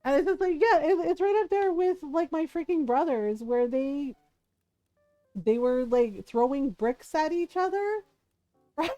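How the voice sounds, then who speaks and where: High-pitched young woman streaming, chatty and rambly, laughs a lot, kinda muffled mic, soft game music behind. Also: lively intonation, unhurried, no room sound. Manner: rambling, laughs often, many fillers. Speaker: live streamer. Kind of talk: casual storytelling while gaming. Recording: slightly muffled stream audio.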